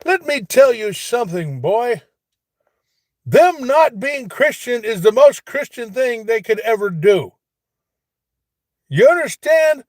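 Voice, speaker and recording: A man's voice: very high-pitched, sing-song, takes it slowly, pauses often, dry recording, heavily acted. A man voicing a preachy, forgetful old grandfather who rants, stammers and drifts into rambling asides in a satirical comedy monologue. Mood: ranting.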